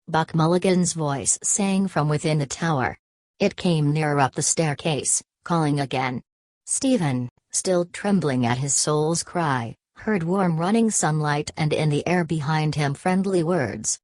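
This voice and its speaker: A woman narrating a literary audiobook with a measured reading. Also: sits low, a little mellow, no room sound. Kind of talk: scripted narration.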